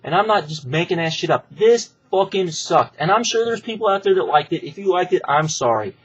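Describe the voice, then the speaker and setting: A man's voice: sits high, animated, brisk, muffled recording, noisy background. Profane, exasperated man ranting. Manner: repetitive, emphatic. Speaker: wrestling show reviewer. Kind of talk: ranting video review.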